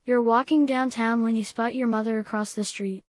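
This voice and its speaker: Brief: woman narrator, fairly high voice, flat matter-of-fact comic read, dry studio sound. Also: moderate pace, no room sound. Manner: calm matter-of-fact delivery of absurd advice. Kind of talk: scripted deadpan comedy narration.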